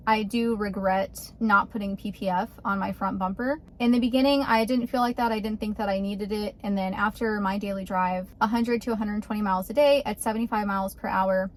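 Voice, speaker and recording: A woman's voice: mid-range voice, slight background noise. A woman, vlogging casually and with exasperation outdoors beside her car. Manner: chatty, exasperated. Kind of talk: casual vlog.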